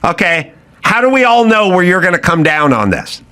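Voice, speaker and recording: A man's voice: sits high, big pitch swings, moderate pace, pushed and bright, clear, resonant tone. A man hosting a podcast, ranting sarcastically and incredulously, with frequent profanity. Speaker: podcast host. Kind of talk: ranting comedic talk.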